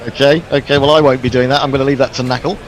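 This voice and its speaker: A man's voice: mid-range voice, flat delivery, rapid-fire. A man hosting casual cricket commentary, hesitant with many ums, reading out listener messages.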